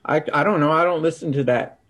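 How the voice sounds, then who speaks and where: A man's voice: fairly high pitch, fast, a bit bright. A man as a podcast guest in casual chat, hesitant with stammering restarts and dry, skeptical humor. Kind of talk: casual conversation.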